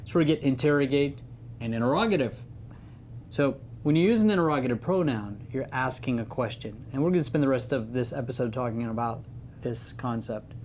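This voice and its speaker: A man's voice: medium pitch, lively intonation, fairly quick, darkish tone, slight background noise. A man giving an informal Latin grammar lesson, chatty and playful, leaning on the key words. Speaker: Latin teacher.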